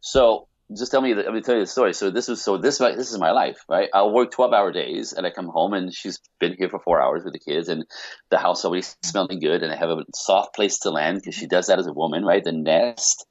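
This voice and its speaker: A man speaking as a podcast guest, telling a personal story in an animated way, with many restarts and rhetorical questions. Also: low-pitched, fairly quick, dry recording, lo-fi sound.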